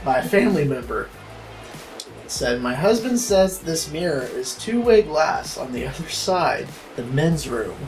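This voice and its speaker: Slow-talking low-voiced woman, crude banter. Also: sing-song, a little mellow, soft background music, poor audio. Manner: crude, laughs a lot. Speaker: podcast co-host. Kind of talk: casual comedic chat.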